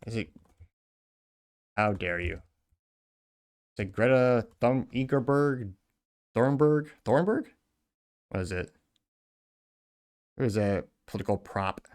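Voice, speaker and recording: Sarcastic man reading posts aloud. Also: on the low side. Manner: sarcastic, muttering asides. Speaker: political commentary host. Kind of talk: reading and reacting to social media posts.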